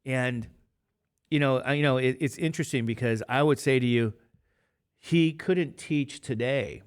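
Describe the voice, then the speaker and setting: A man's voice: mid-range voice, a little slow, clear, resonant tone. A man in his fifties, a math teacher talking casually and rambling to his class between examples. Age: 50s. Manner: chatty, rambling, jokey asides to students.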